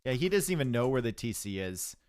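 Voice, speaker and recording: A man commentates a strategy game live on stream, chatting easily and joking with his viewers. His voice sits at an ordinary middle pitch. The sound is close and dry, with no room around it. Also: very animated, fairly quick, a little mellow, no room sound. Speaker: esports caster.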